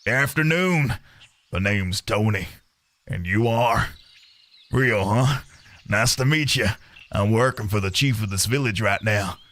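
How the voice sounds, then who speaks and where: A man's voice: lowish voice, measured pace, pauses often, fairly bright tone, voice pushed down. A man putting on a drawling Texan villager. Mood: friendly. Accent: Southern Texan (put on). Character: drawling Southern male villager, laid-back worker.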